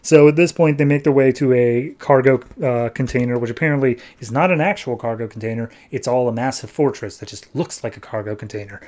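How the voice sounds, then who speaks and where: A man hosting a comics podcast, recapping an issue in a breezy, sarcastic way and slipping into quick character voices. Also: medium pitch, darkish tone. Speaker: podcast host, comics reviewer. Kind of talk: casual comic-book recap.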